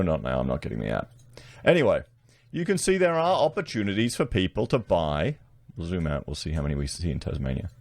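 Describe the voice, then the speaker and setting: A man's voice: sits low, vocal fry, a little mellow. A man with an Australian accent giving blunt, casual commentary to his online viewers, often calling them guys. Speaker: political commentary YouTuber.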